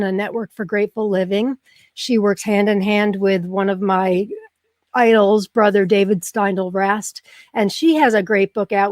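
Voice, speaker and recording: A woman's voice: medium pitch, dry recording, clean studio sound. A middle-aged woman hosting a live online show, chatting casually and emotionally with her viewers. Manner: warm, effusive, emotional, chatty with many ums. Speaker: livestream show host. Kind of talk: casual live broadcast chat.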